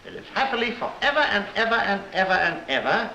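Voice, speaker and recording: A man's voice: high voice, sing-song, fast talker, gravelly. A man reading a story aloud to children in a playful, teasing way, full of sound effects. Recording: lo-fi echoey room with loud noise.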